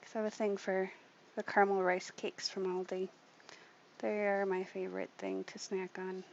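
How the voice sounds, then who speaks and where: A woman's voice: medium pitch, level tone, normal speed, creaky. A woman hosting a casual craft tutorial, chatty and thinking aloud as she works at her desk. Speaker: craft channel host. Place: home craft room at a desk. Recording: muffled, lo-fi audio with background noise.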